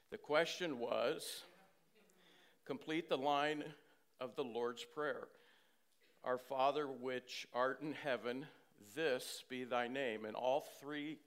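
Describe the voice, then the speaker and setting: Pastor guy preaching, smooth resonant voice, measured and conversational. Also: mid-range voice, fairly bright tone. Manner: conversational, measured teaching with scripture reading. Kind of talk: sermon, Bible teaching.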